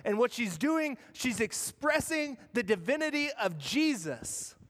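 A man preaching a sermon as pastor, earnest, moving between raised passages and hushed ones. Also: very high voice, big pitch swings, unhurried, big-room sound. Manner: earnest, dramatic shifts between loud and hushed. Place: church.

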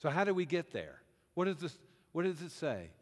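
A man's voice: a little high, moderate pace. A male pastor preaching a sermon to his congregation, retelling a scripture story as if the listeners were there and asking them questions. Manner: animated storytelling, first-person plural, questions to the congregation. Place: church sanctuary. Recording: reverberant hall.

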